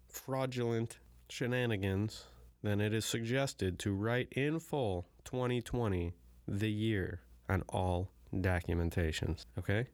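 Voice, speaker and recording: Profane, rambling man, low voice. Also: a little mellow, no room sound. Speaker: vlogger. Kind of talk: casual chat.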